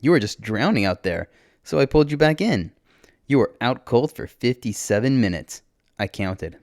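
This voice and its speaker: A man's voice: medium pitch, animated, moderate pace, darkish tone, no echo, clean studio sound, voice pushed up, lightly acted. A man voicing a cheerful, carefree young woman who talks bluntly and lightly. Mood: breezy. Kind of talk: audiobook character voice.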